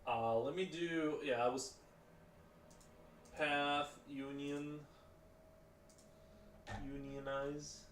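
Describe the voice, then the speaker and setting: A man's voice: a little high, fairly even intonation, very slow, pauses often, fairly bright tone. A man with a slightly raised voice chats casually on a live stream, rambling through half-finished thoughts full of fillers and restarts. He sits back from the mic in an echoey room, with faint noise underneath. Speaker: livestreamer. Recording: roomy, distant mic, faint background noise.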